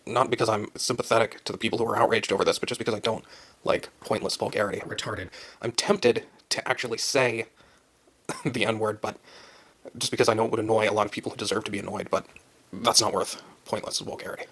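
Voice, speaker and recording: A man's voice: lowish voice, steady tone, fast talker, fairly bright tone. A man delivering a contemptuous, lecturing monologue, played back sped up to double speed. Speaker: video commentator.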